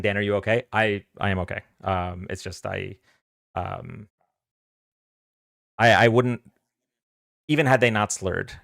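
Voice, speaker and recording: A man's voice: on the low side, vocal fry, a bit bright, no echo, clean studio sound. Hesitant man hosting a live stream. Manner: hesitant, many fillers and restarts. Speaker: debate stream host. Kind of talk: casual live-stream talk.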